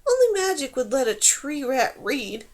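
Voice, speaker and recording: A woman voicing a vicious male bird-monster villain who taunts and shouts orders. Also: sits high, a little slow. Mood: shouting.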